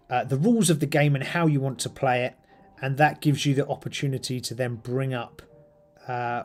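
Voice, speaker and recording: A man's voice: medium pitch, a little mellow. A middle-aged British man casually chatting on his live stream while painting miniatures, rambling with lots of ums and uhs.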